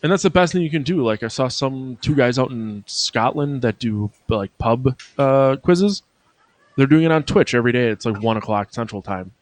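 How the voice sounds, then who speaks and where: A man's voice: mid-range voice, moderate pace, dry recording. A man co-hosting a podcast, laid-back and casually profane. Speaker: podcast co-host. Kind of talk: casual chat.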